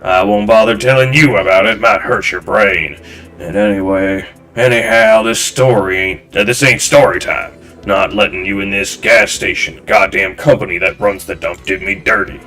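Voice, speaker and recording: A man's voice: fairly low pitch, normal speed, sharp tone, soft background music. A man voicing a rude, hostile local man who taunts and blocks the way. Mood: taunting. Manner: taunting, aggressive. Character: rude southern male local, hostile gatekeeper.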